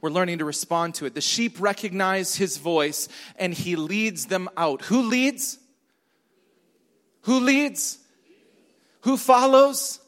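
A pastor preaching a sermon, emphatic and repetitive, asking the congregation questions. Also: male voice, high voice, slow, pauses often, a bit bright. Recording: long hall reverb.

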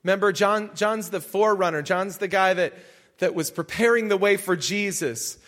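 A male pastor preaching a sermon in an animated way, shouting for emphasis. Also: sits high, normal speed.

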